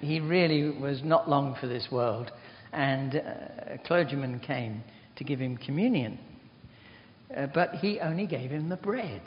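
A man's voice: mid-range voice, a little slow, a little hiss or hum. An older man giving an informal sermon, chatty and rambling, telling self-deprecating stories. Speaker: preacher. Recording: dull recording in a reverberant hall.

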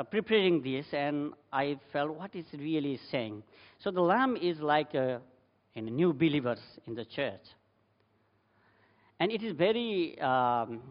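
Guy preaching, says you know a lot, kinda muffled, echoey hall. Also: on the high side. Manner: emphatic with rising bursts, many "you know" fillers. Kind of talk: sermon. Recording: dull sound with long hall reverb.

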